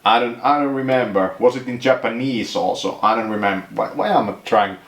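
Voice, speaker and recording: A man's voice: medium pitch, fairly quick, a bit bright, reverberant. A man from Finland, rambling jokingly through a casual monologue in his home kitchen. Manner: joking, rambling, laughs often. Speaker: vlogger.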